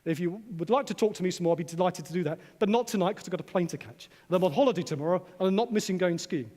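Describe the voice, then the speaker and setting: A man's voice: high-pitched, racing, darkish tone. A man who is a psychologist giving a conference keynote, challenging the audience with rhetorical questions and repeated phrases. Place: conference hall. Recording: long reverb of a hall.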